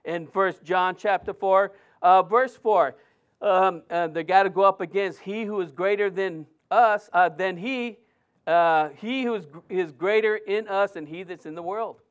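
A middle-aged man preaching a sermon, telling a personal story in a lively way with many restarts and fillers. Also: high-pitched, measured pace, smooth.

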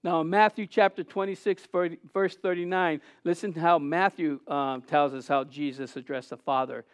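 A middle-aged man preaching a sermon as pastor, earnest with halting restarts, rising to loud cries. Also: fairly high pitch, steady tone, clean tone, no room sound.

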